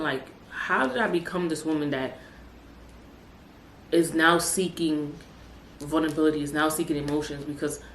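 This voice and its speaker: A young woman with a low voice hosts her podcast in a loose, emphatic monologue, stacking repeated words for stress and slipping into slang. She sounds like she is in an echoey room. A faint hum runs underneath. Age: young adult. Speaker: podcast host. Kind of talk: casual motivational monologue.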